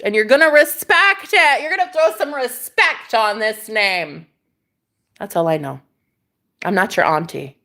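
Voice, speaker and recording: A woman's voice: lowish voice, a bit bright. A woman vlogger chatting casually with her live viewers, telling stories dramatically and swearing freely. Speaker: vlogger talking to live chat. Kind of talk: casual livestream chat.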